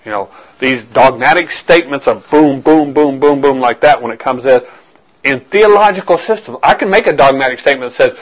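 A man's voice: medium pitch, expressive, brisk, dull audio. A man preaching a sermon as a pastor, talking earnestly, repeating words and restarting phrases as he reasons aloud.

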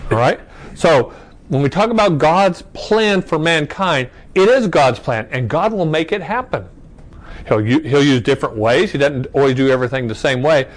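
The recording is low quality, capturing a man with a fairly high, expressive voice at a moderate pace. He teaches Bible study casually, throwing out rhetorical questions, saying "okay?" to check in, and restarting phrases as he reads verses.

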